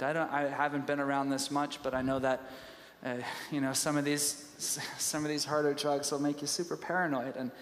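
In a large church hall with long, roomy reverb, a male pastor preaches in a loose, chatty storytelling way, often beginning sentences again. His voice is slightly high and a bit bright, with slight background noise.

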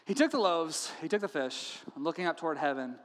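A man with a high-pitched voice preaches to his congregation, and his words ring out with a long echo in the church hall. He tells the story with playful humor and acts out the characters' lines. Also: brisk. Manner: animated storytelling, acting out quotes with humor. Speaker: pastor. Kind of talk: sermon. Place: church sanctuary.

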